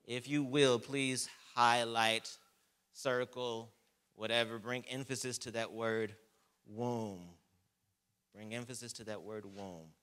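A man preaching a sermon as pastor, reading scripture with slow emphasis and calling on the congregation to repeat words. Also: medium pitch, steady tone, a bit bright, smooth.

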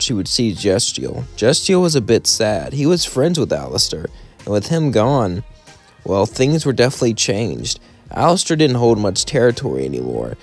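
A man's voice: lowish voice, darkish tone. A young man telling a fan story in a rambling, casual way. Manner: rambling, run-on sentences.

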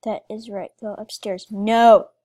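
A woman's voice: mid-range voice, fairly even intonation, unhurried, mellow. A woman giving let's play commentary, talking emotionally to her viewers as she plays. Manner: emotional, talks to viewers while playing. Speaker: gaming video creator.

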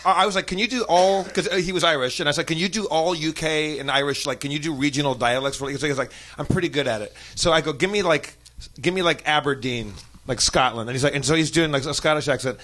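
An American man telling a long comic story on a podcast, animated and profane, often laughing as he talks. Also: fairly high pitch, quick pace. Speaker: podcast guest. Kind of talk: comedic storytelling.

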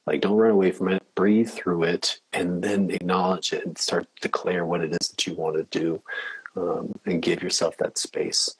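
A man's voice: deep voice, flat delivery, moderate pace, husky, no room sound, poor audio. A man who is a podcast guest, talking in an earnest, reflective way and laughing easily. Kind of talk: casual interview chat.

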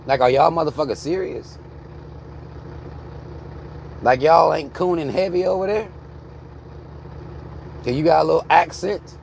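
A man's voice: a little high, unhurried, vocal fry, long pauses, darkish tone, slight background noise. Blunt swearing American man ranting. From United States. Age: 30s. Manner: heated, blunt, swearing freely. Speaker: vlogger. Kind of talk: profane ranting commentary. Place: inside a car.

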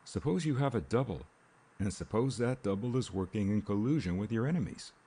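A man reading the lines of an earnest, insistent older gentleman who hoards knowledge. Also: lowish voice, animated, fairly quick, slightly rough.

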